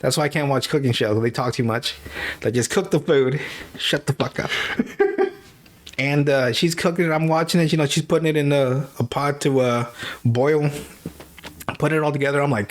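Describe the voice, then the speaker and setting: A man's voice: fairly high pitch, moderate pace. A man hosting a podcast, telling a movie's plot in a loose, swearing, laughing way. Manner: profane, animated storytelling with laughs. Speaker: podcast host. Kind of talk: casual movie recap.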